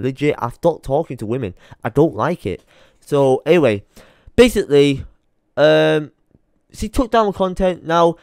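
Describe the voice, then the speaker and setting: A man's voice: medium pitch, no room sound, studio quality. Swearing, rambling young man. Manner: swearing, rambling, muttering to himself while searching his computer. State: tired late at night. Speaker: YouTuber. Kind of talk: frustrated rant to camera.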